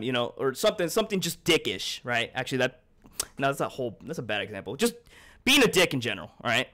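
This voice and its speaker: A man's voice: mid-range voice, big pitch swings, quick pace, sharp tone. A man streaming a video game, talking to his chat in a rambling, profane way, heated and then apologetic. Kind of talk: live-stream chat while gaming.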